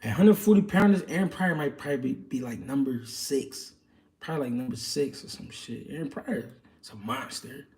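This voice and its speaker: A man's voice: medium pitch, moderate pace, darkish tone, distant mic. A man hosting a livestream, answering viewer questions in casual, slangy boxing chat with loose street talk and many fillers.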